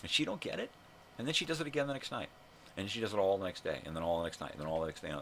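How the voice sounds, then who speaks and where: An older man with an extremely low, gravelly voice rants to his camera, swearing freely and sounding fed up. A faint hum sits behind him. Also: racing. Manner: profane, ranting, exasperated. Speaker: vlogger. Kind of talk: casual ranting monologue.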